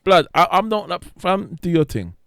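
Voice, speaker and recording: A man's voice: high voice, very animated, moderate pace, gravelly, a bit bright, clean tone, no echo, studio quality. A man with a London accent, a guest DJ telling club stories in slangy, laughing chat. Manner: slangy, laughing, acts out voices. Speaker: guest DJ and promoter. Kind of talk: animated storytelling chat.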